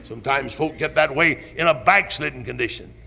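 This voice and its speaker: A man preaching a fiery old-time sermon with a Southern accent, impassioned and building to shouts with drawn-out emphasis. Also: mid-range voice, gravelly. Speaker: pastor. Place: church sanctuary. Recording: 1970s church recording with long hall reverb.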